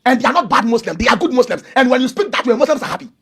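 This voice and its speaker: A man's voice: very high voice, lively intonation, racing, creaky, a bit bright, husky. A man, arguing emphatically and preachily in a heated religious debate and repeating his points. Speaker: Christian debater.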